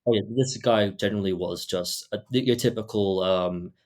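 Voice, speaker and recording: A man's voice: fairly low pitch, moderate pace, darkish tone. A young man who grew up between Britain and Australia, hosting a podcast and telling a story in a hesitant way, full of fillers and restarts. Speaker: podcast host. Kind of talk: casual storytelling.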